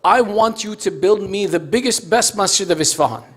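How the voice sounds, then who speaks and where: A man's voice: sits high, moderate pace, husky. A man voicing an impatient, wealthy merchant in a told story, pressing urgently and insistently. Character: rich, impatient old-time merchant.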